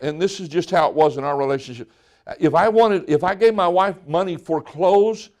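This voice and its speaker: A man's voice: high-pitched, a little mellow. A middle-aged male pastor preaching a folksy sermon, joking and acting out what people say.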